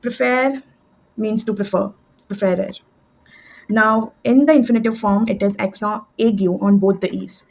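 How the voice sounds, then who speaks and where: A woman tutoring French, explaining verb endings step by step with fillers and quick self-corrections, at a desk with a computer mic. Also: mid-range voice, steady tone, creaky, a little mellow, low-quality recording. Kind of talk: screen-share language lesson.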